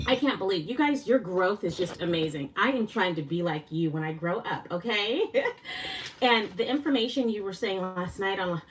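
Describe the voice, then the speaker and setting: A woman hosting a casual live stream, excitable and a little winded, laughing often and gushing with thanks. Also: mid-range voice, normal speed, far from the mic, slight background noise. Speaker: livestream host.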